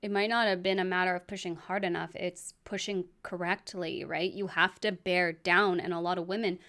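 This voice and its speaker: A woman's voice: lowish voice, fairly even intonation, moderate pace, a bit bright. A woman giving critical commentary on a vlog, explaining things in a matter-of-fact way with sardonic asides.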